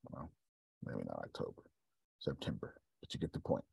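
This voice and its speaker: A man's voice: rumbling low, very animated, normal speed, creaky, a little mellow, slightly rough, dry recording. A man from Texas leading a group call, telling stories and preaching motivation with strong emphasis. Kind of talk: motivational talk.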